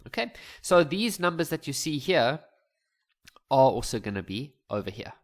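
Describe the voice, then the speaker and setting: A man talking through a maths exam paper in a relaxed, chatty way, thinking aloud and adding jokes. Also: medium pitch, normal speed. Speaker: maths teacher. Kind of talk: casual explanatory lesson voice-over.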